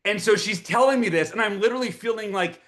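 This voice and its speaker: A man's voice: high-pitched, fast. Fired-up man telling a story. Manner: energetic, repeats words when excited. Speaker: motivational speaker. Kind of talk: storytelling talk to an audience.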